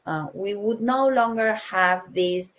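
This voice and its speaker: A woman's voice: mid-range voice, slow pace. A young adult woman with a cold, giving a conference talk on technology, explaining with frequent fillers and restarts. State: has a cold. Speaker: conference speaker.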